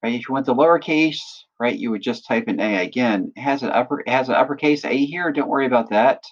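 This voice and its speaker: A man acting as instructor, patiently walking through a software tutorial and often checking in with listeners. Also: mid-range voice, quick pace, lo-fi sound. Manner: patient step-by-step explaining, often checks in with "right?". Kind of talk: screen-recorded software tutorial.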